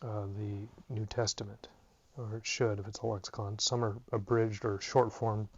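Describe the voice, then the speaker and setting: A man's voice: fairly low pitch, flat delivery, moderate pace, slightly rough, no echo. A tired man teaching a casual Greek grammar lesson, thinking aloud with plenty of ums and uhs. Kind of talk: unscripted lesson. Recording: dull lo-fi recording.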